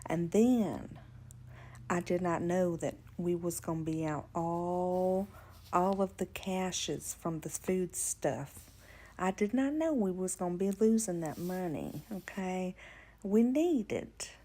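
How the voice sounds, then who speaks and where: Woman, halting monologue, slow, mellow dark tone. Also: fairly low pitch. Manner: halting, plainspoken, with fillers.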